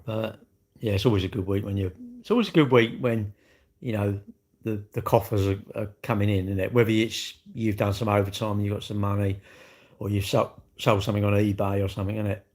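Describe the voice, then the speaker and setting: A man's voice: on the low side, steady tone, brisk, a little mellow. A man chatting on a casual livestream, rambling and joking about himself and greeting viewers. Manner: rambling, jokey and self-mocking, with asides to viewers. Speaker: livestream host. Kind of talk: casual live-stream chat.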